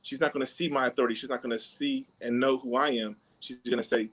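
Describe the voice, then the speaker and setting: This man hosts a podcast, walking through ideas casually with lots of fillers and little made-up exchanges. He talks fast at a medium pitch with a steady, fairly bright tone, captured on a slightly rough, low-quality recording.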